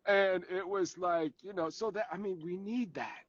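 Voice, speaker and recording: A man on a video call from his parked car, his voice sitting a little high for a man. He tells stories with animation and acts out the people in them. The call audio is muffled and lo-fi. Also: normal speed, no room sound. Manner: animated storyteller, acts out family scenes. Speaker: guest actor and advocate. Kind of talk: casual interview over video call.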